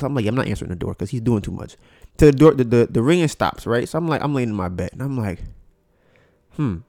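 A man's voice: on the high side, darkish tone, no echo, clean studio sound. A man hosting a podcast, telling a story in a casual monologue and acting out both sides of it. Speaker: podcast host.

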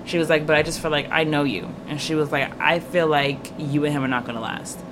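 Fast-talking young woman telling animated stories. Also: low voice. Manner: animated storytelling, acts out quoted dialogue. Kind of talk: casual chat. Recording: noisy room ambience.

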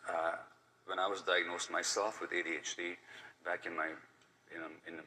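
A man's voice: sits low, little pitch movement, normal speed, pushed and bright. An older man giving an earnest conference talk, stressing and repeating his key points. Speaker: lecturer. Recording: distant mic with faint background noise.

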